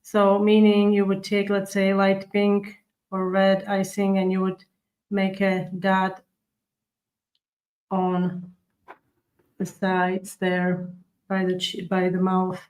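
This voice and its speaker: A woman's voice: mid-range voice, completely flat delivery, slow, long pauses, a little mellow, rough recording. Chatty woman hosting a live cookie tutorial. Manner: chatty, demonstrates step by step while reading viewer comments. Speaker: cookie decorating livestream host.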